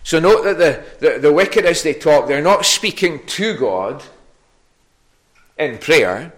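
A man preaching an evening sermon, pausing often with fillers and restarts. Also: fairly high pitch, lively intonation, fairly bright tone. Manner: halting, many fillers and restarts.

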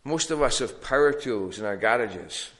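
A man's voice: medium pitch, expressive, normal speed, a bit bright. A man preaching a sermon in a plain teaching tone, with frequent ums and restarts.

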